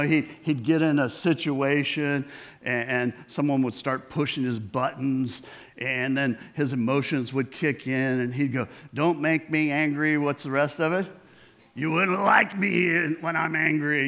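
A man's voice: medium pitch, fairly bright tone. A middle-aged man preaching a sermon in a conversational way, asking the congregation questions and acting out quoted voices. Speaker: pastor.

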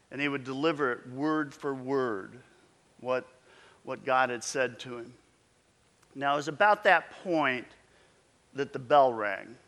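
A man's voice: medium pitch, bright, forceful tone. A pastor in his fifties telling a story in a conversational, reflective sermon. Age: 50s. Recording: long echoing reverb.

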